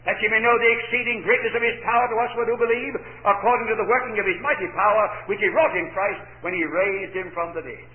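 Emphatic preacher, echoey lo-fi recording. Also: male voice, high-pitched, quick pace, few pauses. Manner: emphatic, rhetorical questions answered himself. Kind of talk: sermon.

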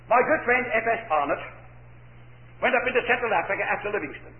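A man's voice: very high voice, brisk. A man preaching a sermon with emphasis, posing rhetorical questions and answering them himself. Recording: echoey, phone-like lo-fi recording.

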